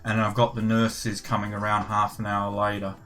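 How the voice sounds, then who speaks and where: An older British man from the United Kingdom chats casually on a gaming livestream, rambling through a story with frequent swearing and restarts. His voice is fairly low, completely flat, a bit bright, and at a moderate pace. Soft music plays in the background.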